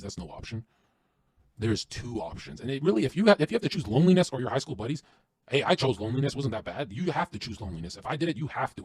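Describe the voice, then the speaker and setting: A man guesting on a podcast, delivering an intense, profane motivational rant that swings from loud to hushed. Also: mid-range voice, husky, dry recording.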